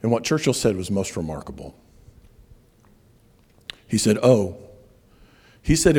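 Husky preacher in a reverberant hall. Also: male voice, on the low side, big pitch swings, a little mellow. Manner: storytelling preacher, slows for emphasis. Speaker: pastor. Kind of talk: sermon. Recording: long reverb of a large hall.

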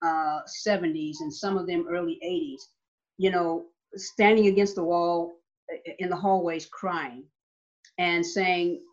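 A Nevada state legislator tells a story during an interview, her voice fairly low, her intonation fairly even, her pace a little slow. She speaks emphatically, repeats words, and checks in with "okay?". The recording has a slightly dull, lo-fi quality.

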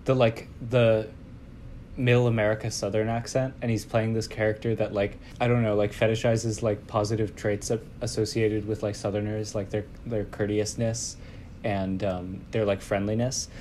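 A man's voice: fairly low pitch, level tone, moderate pace, a little mellow, a little hiss or hum. A man co-hosting a podcast, talking in a casual, rambling way with lots of fillers and restarts. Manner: rambling, hesitant, many fillers. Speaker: podcast co-host. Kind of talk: casual chat.

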